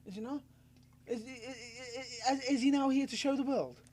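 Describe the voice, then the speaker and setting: A man's voice: very high-pitched, fairly even intonation, normal speed, darkish tone, slight background noise. A man co-hosting a wrestling podcast, laughing often and repeating himself as he talks. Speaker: podcast co-host. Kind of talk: casual wrestling chat.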